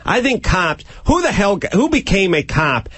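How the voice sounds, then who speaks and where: A man hosting a comedy talk radio show, riffing on absurd scenarios and bursting into shouted mock cop lines. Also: high-pitched, sing-song, normal speed, slightly rough, no echo.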